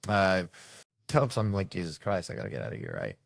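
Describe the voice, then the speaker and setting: A man with a Southern US accent telling a profane comic story, acting out the characters with sudden jumps in pitch and loudness. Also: sing-song, quick pace, vocal fry, no echo, clean studio sound. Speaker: comedian storyteller. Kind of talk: casual storytelling.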